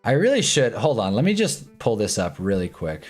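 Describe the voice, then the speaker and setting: A young man casually reacting to live football games on a stream, swinging from low muttering to excited yelling at big plays. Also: moderate pace, faint music behind. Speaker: sports streamer. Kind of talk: live football watch-along commentary. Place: home streaming room with green screen.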